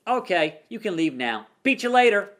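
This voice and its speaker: A young man playing through a wrestling video game, reading the in-game dialogue aloud and calling the action like a commentator with loud whoops. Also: high voice, very animated, moderate pace. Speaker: gaming YouTuber. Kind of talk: let's play commentary.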